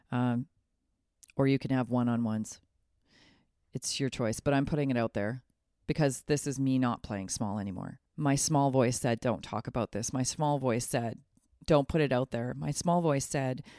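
Gravelly-voiced earnest woman life coach. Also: very deep voice, warm tone, no echo, clean studio sound. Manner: earnest, emphatic, asks the listener many questions. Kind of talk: motivational direct-to-camera pitch.

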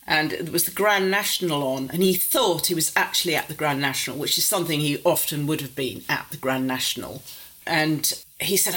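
A woman's voice: low-pitched, brisk, fairly bright tone, poor audio. An older woman from near Warrington, a psychotherapist telling wry family stories in a casual interview. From England, near Warrington. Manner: wry, self-mocking, acts out quoted voices. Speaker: interview guest, psychotherapist and author. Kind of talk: casual conversational storytelling.

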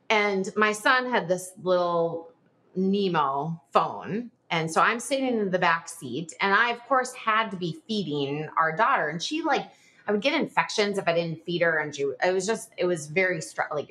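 Middle-aged woman, podcast guest, lively rising and falling voice, medium pitch, chatty storytelling with lots of "like". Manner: animated, frequent filler "like", reenacts dialogue. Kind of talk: personal storytelling in an interview.

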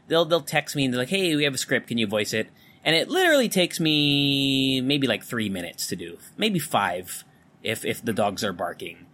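In a casual solo monologue from his home room, where an electric fan is running, a podcast host from the Philippines talks candidly, loosely and with plenty of swearing. He has a neutral American accent and a medium-pitched, fairly bright voice, captured on a studio condenser mic.

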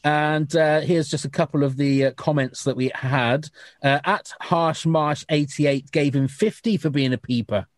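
A man's voice: on the high side, no echo, clean studio sound. A man hosting a casual podcast chat, joking and reading out listener scores. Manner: jokey, reads listener scores briskly. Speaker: podcast host.

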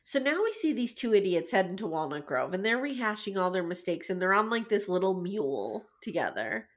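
A woman co-hosting a podcast in casual chat, easygoing and quick to laugh. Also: mid-range voice, big pitch swings. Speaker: podcast co-host.

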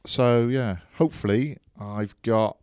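A man co-hosting a sports podcast, chatting casually with jokey banter and relaxed rugby analysis. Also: mid-range voice, slow, clear, resonant tone, dry recording, clean studio sound. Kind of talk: casual chat.

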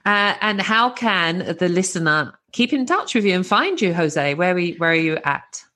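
A woman's voice: on the low side, big pitch swings, moderate pace, pushed and bright. A British woman hosting a podcast interview, bubbly and enthusiastic, laughing easily. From Britain. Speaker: podcast host.

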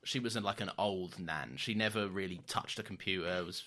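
Guy on a podcast, bright punchy voice, goes off on tangents and laughs a lot. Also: low voice, a little fast. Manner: rambling storyteller, laughs often, swears casually. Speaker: podcast co-host. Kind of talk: casual chat.

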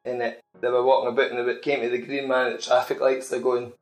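A Scottish man spins a loose, amused story in casual podcast chat, wandering through his point. His mid-pitched voice rings with a noticeable roomy echo. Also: level tone, fast, faint music behind. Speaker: podcast co-host. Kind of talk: casual chat, anecdote telling.

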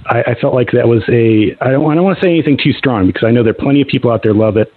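Husky, stammering co-host. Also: male voice, medium pitch, rapid-fire. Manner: hesitant, stammering restarts. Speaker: stream co-host. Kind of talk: call-in chat on a live stream. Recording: tinny phone-like sound.

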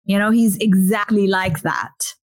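A woman hosts a podcast about self-love and relationships. She speaks at a mid pitch in an effusive way and keeps repeating phrases as she asks her guests questions. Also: steady tone, unhurried. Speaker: podcast host. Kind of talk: casual podcast interview.

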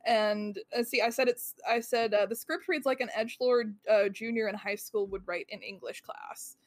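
A woman co-hosts a casual podcast chat in a somewhat high voice. She reads out her own notes with wry amusement and plenty of fillers. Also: normal speed. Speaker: podcast co-host.

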